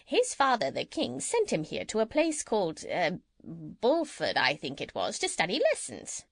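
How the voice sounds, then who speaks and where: A woman's voice: mid-range voice, moderate pace, creaky, no echo, studio quality, heavily acted. A woman reading an audiobook and voicing a chatty, gossipy female parrot. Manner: lively, chattering storytelling. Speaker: audiobook reader. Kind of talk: children's audiobook character reading.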